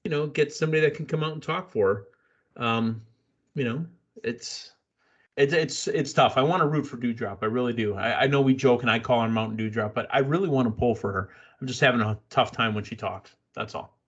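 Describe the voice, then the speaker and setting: A man's voice: medium pitch, fairly quick, a bit bright, lo-fi sound. A man hosting a casual wrestling podcast, blunt and opinionated, rambling through his takes. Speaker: podcast host.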